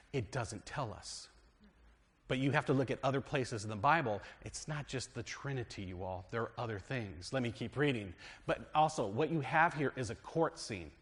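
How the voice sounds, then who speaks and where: In a church, a male pastor with an American accent teaches a sermon and reads scripture aloud, posing fill-in questions to the congregation. His medium-pitched delivery swings between loud and hushed. A long reverb tail follows his words.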